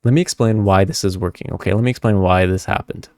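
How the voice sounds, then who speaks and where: A young man telling a story to camera in a casual vlog, animated, swearing freely and talking straight to his viewers. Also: on the low side, fast talker, no room sound, studio quality. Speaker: spiritual content creator.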